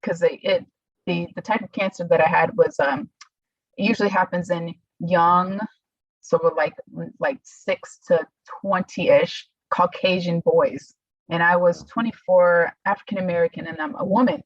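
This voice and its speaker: A young adult woman, a podcast guest, telling her story in a halting, emotional way and acting out what others said. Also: lowish voice, no echo, muffled recording. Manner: emotional, halting, quotes others in lively voices. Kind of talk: casual interview storytelling.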